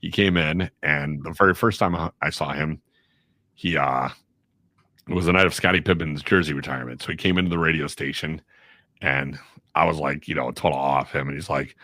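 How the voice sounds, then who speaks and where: A man, a radio and voiceover professional, telling animated anecdotes in casual chat, acting out the people in his stories. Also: a bass voice, a little fast, no echo, clean studio sound. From Chicago area. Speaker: guest voiceover artist and radio personality.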